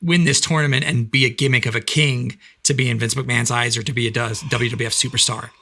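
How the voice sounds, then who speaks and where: A man in a casual podcast chat who speaks haltingly, often restarting and repeating words mid-thought. His voice has a bright, clear edge at an ordinary pitch. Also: fairly even intonation. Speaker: podcast co-host.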